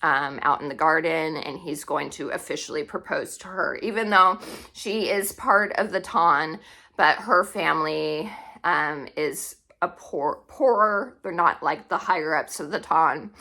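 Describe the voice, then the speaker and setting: A woman hosting a book channel, chatting casually through a review and often pausing to recall names. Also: sits low, bright, forceful tone. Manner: chatty, pauses to recall names, frequent um and laughs. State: tearing up.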